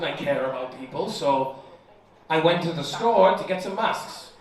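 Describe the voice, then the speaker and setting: A man's voice: sits high, lively intonation, moderate pace. A British man in his twenties doing a profane, brash stand-up set, acting out the dialogue in his stories. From United Kingdom. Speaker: stand-up comedian. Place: comedy bar showcase, indoors. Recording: distant mic, heavy room echo, audience laughter.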